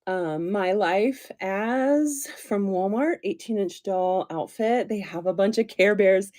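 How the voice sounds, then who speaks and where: A woman's voice: mid-range voice, slow pace, darkish tone. A woman hosting a casual doll chat live stream from home, rambling and giggling as she talks toward a tablet. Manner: chatty, giggly, rambling with fillers. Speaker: doll channel host. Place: home room, seated on a chair. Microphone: tablet on a stand.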